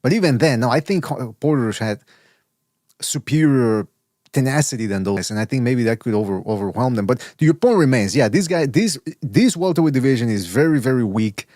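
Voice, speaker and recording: A man's voice: mid-range voice, expressive, a little fast, darkish tone, dry recording, studio quality. Stammering, rambling man on a boxing podcast. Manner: rambling, stammers and restarts, mimics others' voices. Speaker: podcast co-host. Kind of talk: casual boxing podcast chat.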